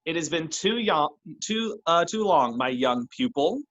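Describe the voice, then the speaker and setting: A man doing a gentle motherly teacher. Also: a little high, sing-song, dull audio, full character voice. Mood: sweet. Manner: soft, sweet, unhurried speech. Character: gentle maternal woman divination teacher.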